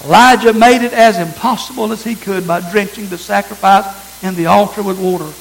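A man's voice: sits high, fairly even intonation, a little fast, creaky, rough recording. A man preaching a sermon, reading scripture aloud and repeating phrases for emphasis.

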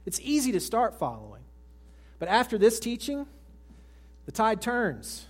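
Higher-voiced man preaching a sermon. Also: huge pitch swings, measured pace, husky. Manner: swings from raised emphatic lines to hushed soft ones; asks the congregation direct questions. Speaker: pastor. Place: church service with congregation.

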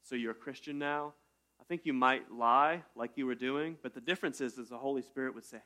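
A man's voice: on the high side, moderate pace, pushed and bright. A man preaching a sermon as pastor, in a conversational way with rhetorical questions.

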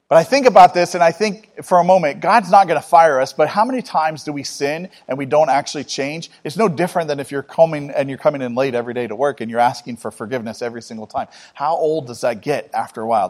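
A man's voice: mid-range voice, darkish tone. A man preaching a sermon in an earnest, conversational way, telling personal anecdotes.

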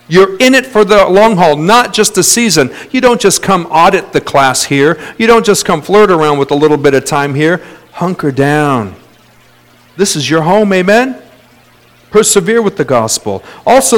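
A man preaching a sermon as pastor, lively, with call-outs and sudden jumps in pitch.

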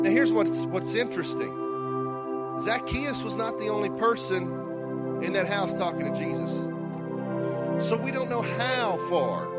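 A man preaching a sermon, telling the story in an animated way and swinging between hushed and loud lines. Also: high-pitched.

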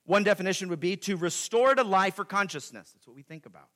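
A man preaching a sermon as pastor, swinging between loud emphatic peaks and quiet asides, repeating key phrases. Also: expressive, fast talker. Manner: dramatic swings in pitch and loudness, emphatic repetition.

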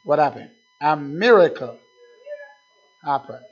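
Male preacher, slow deliberate sermon delivery building to fervent calls, dull low-fi recording. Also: animated, slightly rough. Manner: preaching with rising, fervent calls and quiet asides.

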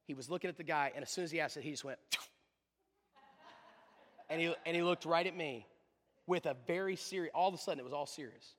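A pastor delivers a sermon in a bright, cutting voice that sits a bit high for a man. His delivery is fervent and emphatic, pressing into loud, driving runs. The sound carries a long reverb from a large church hall. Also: quick pace, pauses often.

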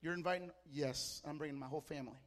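A man's voice: fairly high pitch, quick pace, long reverb tail. A man from Mexico preaching to a church congregation, fervent and telling stories in short, punchy phrases. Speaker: pastor. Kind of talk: sermon. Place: church service.

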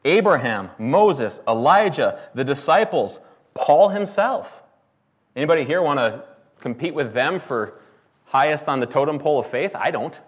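A pastor preaches in an emphatic, conversational way, often putting rhetorical questions to the congregation. His husky voice is on the high side, animated, and delivered at normal speed.

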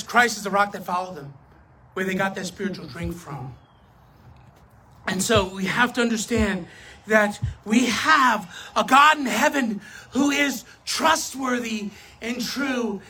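A preacher giving a sermon, talking straight to the audience, swinging between loud emphasis and soft asides. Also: medium pitch, breathy edge. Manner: addresses the audience directly, self-correcting.

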